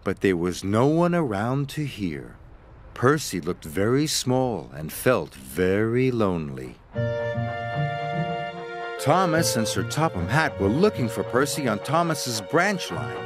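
A man narrating a children's story in a gentle, expressive storyteller manner. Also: lowish voice, slow pace. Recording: narration over music score.

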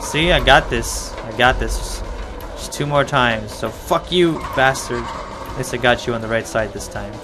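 A man commentating his own gameplay, talking excitedly to the game and his audience and swearing freely. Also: medium pitch, normal speed. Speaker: let's play gamer. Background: game music.

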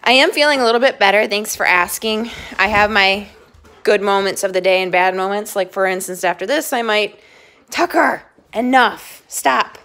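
A tired, slightly dizzy woman with a medium-pitched, fairly bright voice speaks at a moderate pace. She hosts a casual pet channel livestream from a messy room at home, recorded indoors on a handheld phone. She chats with viewers and breaks off to give firm commands to her dogs.

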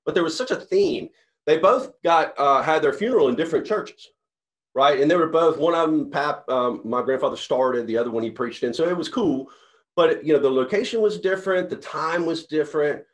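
A man's voice: fairly high pitch, expressive, fairly quick. A man, a company CEO, giving a motivational talk to sales reps in an earnest, rambling storytelling way with many restarts.

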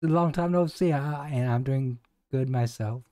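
A man's voice: mid-range voice, moderate pace, dark tone, no echo, studio quality. A man giving casual gameplay commentary with hesitant, self-deprecating asides. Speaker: game streamer.

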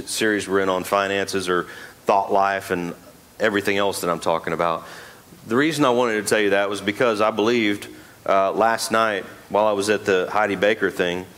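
Low-voiced pastor, joking sermon. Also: male voice, a bit bright. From Texas. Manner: joking, conversational preaching. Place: church sanctuary.

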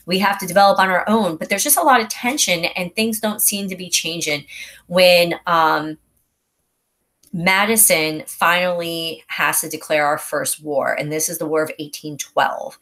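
A woman with a deep, low speaking voice leads a casual review lesson. She explains things in a conversational way, like telling a story, and sometimes acts out short quotes along the way. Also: a bit bright. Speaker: history teacher.

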